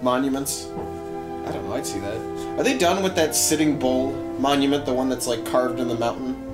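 A man's voice: medium pitch, brisk, loud music behind the voice. A young man co-hosting a podcast, rambling through jokes and stories in casual chat. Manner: rambling, loose storytelling with filler words. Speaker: podcast co-host.

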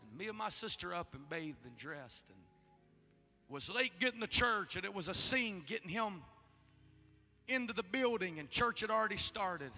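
A male preacher with a very high, piercing voice tells a folksy story from the pulpit. His pitch leaps widely as he moves between hushed asides and shouts. The voice rings through a reverberant church hall with music underneath. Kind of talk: storytelling sermon. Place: church sanctuary.

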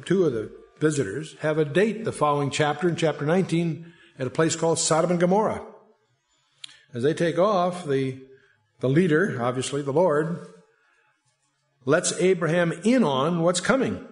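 Bible teacher, male, slightly higher pitch, chatty, digressive lecture style. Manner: conversational, digressive, with asides; reads scripture aloud in a lifted voice.

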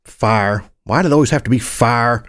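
A man reading a first-person story aloud as a narrator, gritty and expressive, with casual swearing. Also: medium pitch, normal speed. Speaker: audiobook narrator.

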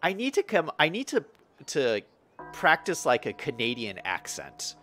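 A young man chats casually through a city-building livestream, reading viewer comments aloud. His voice sits a little high and his pitch swings animatedly. He is relaxed and talkative, full of fillers and restarts. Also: unhurried, soft background music. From Western United States. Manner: chatty, lively, reads chat aloud with frequent fillers. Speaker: streamer.

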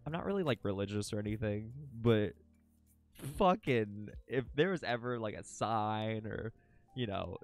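A man's voice: mid-range voice, very animated, normal speed, faint music behind. A young man streaming live, chatting to viewers in a rambling, emotional way, swearing often and restarting his sentences. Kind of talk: casual chat with stream viewers.

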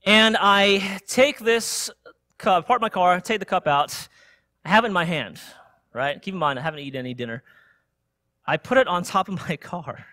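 Young male preacher, high and bright voice, dry close sound, lively sermon storytelling. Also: normal speed, no room sound. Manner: animated storytelling with frequent "right?" tag questions. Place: church sanctuary.

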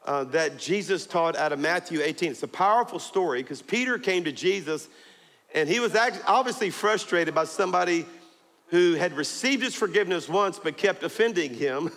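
A man preaching a sermon as pastor, telling a story with jokes and laughter and building to emphatic high points. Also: animated, moderate pace, a bit bright, in a large hall. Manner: storytelling, joking, rising to emphatic peaks. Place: church auditorium.

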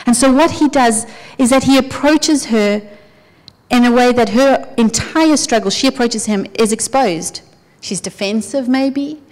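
A woman preaching a sermon in an earnest, conversational way, her voice often dropping soft. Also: on the high side, measured pace. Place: church hall. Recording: church hall with long reverb.

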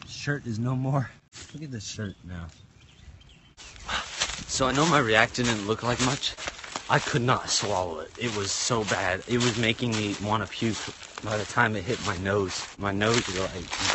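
A man's voice: on the low side, noisy background. A young man vlogging outdoors in the woods, talking in a jokey, dramatic, complaining way. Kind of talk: casual vlog commentary.

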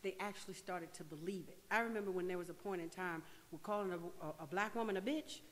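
An older woman co-hosting a talk radio show, animated and rising to loud emphasis. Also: fairly low pitch, quick pace, long reverb tail. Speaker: radio co-host.

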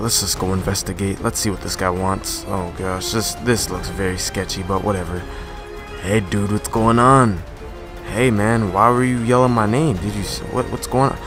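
Excitable young man, slangy gaming commentary. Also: on the low side. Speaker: gaming YouTuber. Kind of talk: energetic gameplay commentary.

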